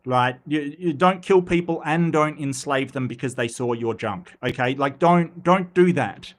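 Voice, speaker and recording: Australian male streamer, blunt and wry, stop-start delivery, answers chat live. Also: fairly high pitch. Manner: halting, many restarts, blunt and wry. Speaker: host of a live commentary stream.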